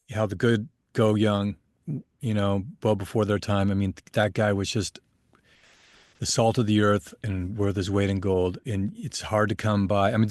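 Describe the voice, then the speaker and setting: A young adult man, a voice actor, chatting in a relaxed, rambling way as an interview guest. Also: on the low side, no room sound, clean studio sound. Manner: relaxed, rambling, laughs easily. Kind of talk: casual interview chat. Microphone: home studio mic.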